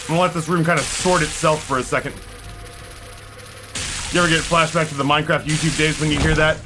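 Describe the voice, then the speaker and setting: A man's voice: on the high side, steady tone, fast, over music. A man in his forties chatting live with his stream viewers, rambling, swearing and greeting people in chat by name. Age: 40s.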